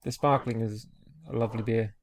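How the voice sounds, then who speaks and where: A man's voice: fairly low pitch, fairly even intonation, a little fast. A man hosting a casual beer podcast, upbeat and asking his guests questions. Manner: upbeat, asks questions, laughs often. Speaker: podcast host. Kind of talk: casual chat.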